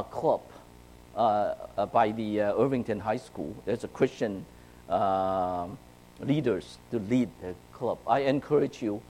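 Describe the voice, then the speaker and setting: Man from China, youth sermon, animated storyteller, hushed then loud, asks "right?" often. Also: medium pitch, slight background noise, low-quality recording. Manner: checks in with "right?" and "okay?". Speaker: youth speaker. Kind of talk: sermon to young people.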